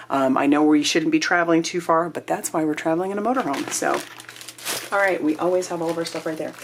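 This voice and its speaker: A woman with a low voice chats through a craft kit unboxing. She gushes with excitement and sometimes drops into a breathy whisper. Faint noise sits under the recording. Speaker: crafting channel host. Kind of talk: casual unboxing chat.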